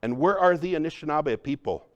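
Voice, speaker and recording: A man giving a lively, joking workshop talk on cultural practice, often calling his audience folks. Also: a little high, brisk, no room sound, dull audio. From Upper Midwest, United States. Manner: energetic, joking, addresses the crowd as folks. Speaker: cultural trainer.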